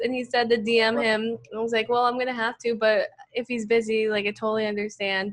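A woman's voice: mid-range voice, a bit bright. Gushing young woman hosting a podcast. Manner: enthusiastic, gushing, with many fillers like "like". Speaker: podcast host. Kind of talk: casual podcast interview.

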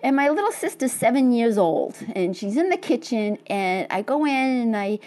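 A woman's voice: a little high, sing-song, moderate pace, darkish tone. A woman from Quincy, Massachusetts, telling a story as an interview guest, acting out dialogue and laughing often. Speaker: interview guest, marathon runner. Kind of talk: animated storytelling.

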